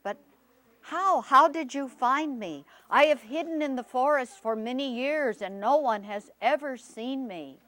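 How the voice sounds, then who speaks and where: A woman storyteller voicing a calm, dignified male magical deer who speaks slowly and gravely. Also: sits high, pitched above the performer's own voice. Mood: wondering. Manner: slow, grave and reproachful.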